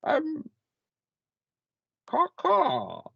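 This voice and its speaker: A man voicing a tiny old fae woman who turns into a raven, high and flustered. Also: wildly swooping pitch, very slow, creaky, no room sound, highs cut off, full character voice. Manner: high, fluttery and scatterbrained.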